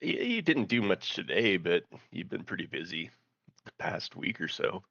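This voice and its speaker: A man from the United States calls in, joking and a little halting, with frequent restarts. His voice sits very low and gravelly. The call audio is dull and lo-fi. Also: sing-song, a bit bright, no room sound. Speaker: caller. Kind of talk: casual chat.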